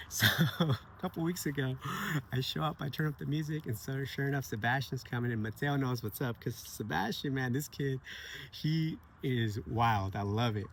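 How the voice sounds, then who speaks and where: A man telling a personal story to camera in a casual, heartfelt way. He is earnest and animated, repeats phrases, and laughs often. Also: medium pitch, moderate pace, slight background noise. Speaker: vlogger sharing personal stories.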